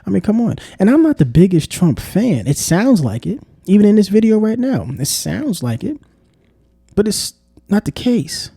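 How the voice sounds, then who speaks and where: A man talks straight to the camera in a casual, exasperated commentary style. His voice is dark and mellow and sits a bit high for a man. It is recorded close and dry, with no room echo. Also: sing-song, moderate pace, creaky, breathy edge. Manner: exasperated, repeats "come on, man". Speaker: vlogger. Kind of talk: casual political commentary monologue.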